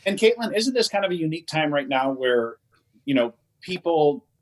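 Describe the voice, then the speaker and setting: A man's voice: on the high side, very animated, normal speed, rough recording. Rambling male co-host. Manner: rambling, many restarts and fillers. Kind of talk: casual conversation.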